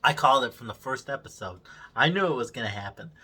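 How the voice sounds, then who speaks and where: A man's voice: medium pitch, lively intonation, fast talker, bright, forceful tone, slightly rough. A man hosting a casual review, ranting with constant profanity and exasperated sarcasm. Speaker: show host reviewing a series.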